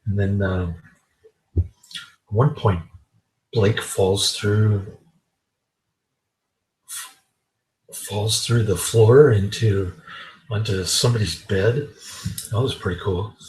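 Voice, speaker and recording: A man giving a casual spoken film review in a halting, meandering way. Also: lowish voice, rough recording.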